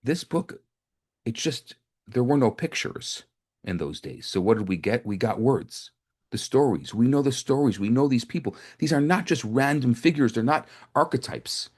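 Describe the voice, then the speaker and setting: A man of middle pitch speaks as a rabbi teaching a group. He tells stories casually, circling back and repeating words as he builds his point. The tone is that of a spoken sermon, not a reading. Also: animated, moderate pace, a little mellow. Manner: conversational, with frequent restarts and repetitions. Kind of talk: storytelling sermon to a live group.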